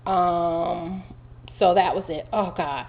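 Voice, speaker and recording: A woman casually recounting her surgery day to the camera, chatty and animated, with lots of fillers. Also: lowish voice, slow. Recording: dull lo-fi home video audio.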